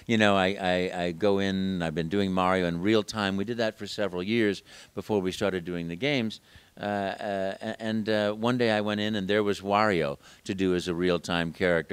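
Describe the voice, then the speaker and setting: A man's voice: lowish voice, brisk, smooth. A man, a voice actor guest at a game convention, telling stories animatedly in a casual interview. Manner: animated storyteller, slips into character voices.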